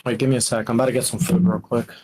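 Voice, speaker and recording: A man's voice: medium pitch, flat delivery, racing, a little mellow, poor audio. A young man, a guest on a live stream, telling a story in rambling, profane casual chat. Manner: rambling, profane, laid-back.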